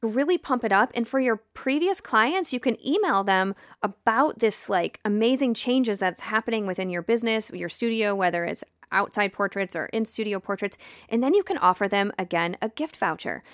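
A woman's voice: mid-range voice, expressive, moderate pace, fairly bright tone, dry recording, clean studio sound. A woman hosting a podcast, giving enthusiastic, chatty business advice with plenty of fillers. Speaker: podcast host. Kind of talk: casual advice chat.

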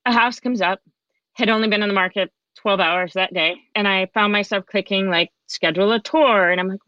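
This author and coach, a guest on a podcast, shares a personal story with candor and chattiness, performing the lines she quotes. She speaks fairly quickly in a mid-range voice with fairly even intonation and a bright, forceful tone. The sound is a little dull and dry, without room echo.

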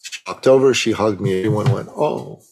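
A middle-aged man, a guest on an interview, telling a personal story with animated, emotional delivery and acting out the dialogue. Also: lowish voice, quick pace, vocal fry, slight background noise, poor audio. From Iran.

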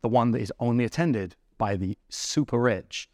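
Male podcast host, lively storyteller who acts out dialogue, mid pitch, dry close recording. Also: normal speed, no echo. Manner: animated, acts out dialogue in his stories. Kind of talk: storytelling interview chat.

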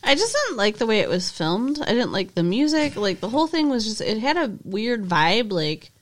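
Woman with a lively, bouncing voice. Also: fairly high pitch, normal speed. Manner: laughs easily, plainspoken opinions. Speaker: podcast co-host. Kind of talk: casual movie-review chat.

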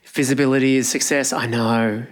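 Woman co-host, very low voice, emphatic and enthusiastic. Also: steady tone, moderate pace. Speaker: podcast co-host. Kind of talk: casual chat.

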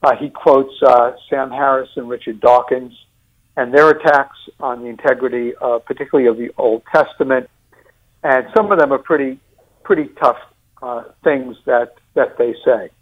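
A man with a New York accent, discussing and critiquing a sermon series in a deliberate way with many fillers and restarts. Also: mid-range voice, phone-quality sound.

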